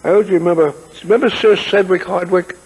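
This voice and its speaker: A man's voice: sits high, fairly even intonation, fast, creaky, a little mellow, husky, big-room sound, poor audio. A man, telling rambling anecdotes as an interview guest and acting out the people he quotes. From United States. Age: 80s. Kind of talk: casual interview, storytelling.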